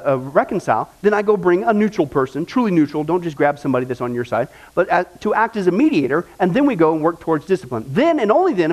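Middle-aged pastor guy preaching, kinda high voice, keeps asking the crowd questions. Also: a little mellow. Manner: conversational preaching with rhetorical questions. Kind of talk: sermon.

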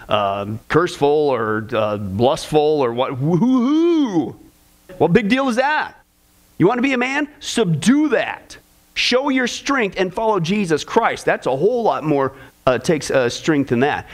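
A man teaching a discipleship class in a casual, folksy way, with sarcastic humor and chuckling asides. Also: on the high side.

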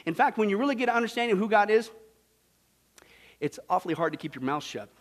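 A man preaching a sermon with jokes, animated, swinging from loud to hushed. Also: sits high, fast. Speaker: pastor.

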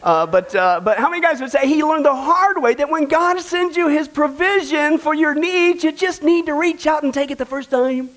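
A pastor preaches a sermon to his church in a loose, joking way. His voice sits very high for a man. He speaks folksy and chatty, calling his listeners folks. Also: moderate pace, few pauses, a bit bright. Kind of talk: sermon with a joke.

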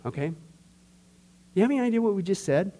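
A man leads a church discipleship class with a notably high-pitched voice. He talks conversationally and jokes with his listeners, and his delivery swings between loud, emphatic stretches and quiet, low asides. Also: lively intonation, fast talker. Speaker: pastor teaching a discipleship class. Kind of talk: animated church teaching.

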